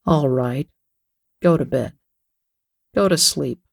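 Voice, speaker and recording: Give me a reader playing a possessive, menacing husband who talks low and slow. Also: male voice, gravelly. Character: brooding possessive husband, menacing and heavy-breathing.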